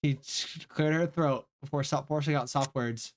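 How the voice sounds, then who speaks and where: A man's voice: a little high, normal speed, few pauses, a little hiss or hum. A man streaming a story game live, reading aloud and reacting with frequent swearing.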